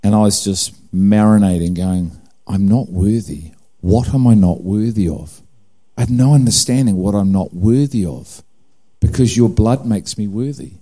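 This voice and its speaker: A man's voice: lowish voice, normal speed, mellow. A middle-aged man with a New Zealand accent giving a personal testimony sermon, telling a story with acted-out dialogue and self-mocking humor. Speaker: preacher.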